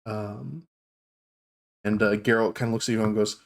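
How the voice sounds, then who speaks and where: A man's voice: fairly low pitch, steady tone, normal speed, vocal fry, long pauses. A man narrating a fantasy tabletop game as game master, in a loose, filler-heavy way.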